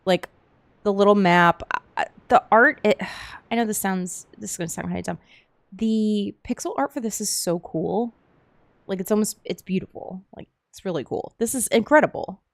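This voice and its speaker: Excitable young woman streaming a game. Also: mid-range voice, moderate pace, no echo. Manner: excitable, chatty, gushing. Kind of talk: casual let's-play commentary.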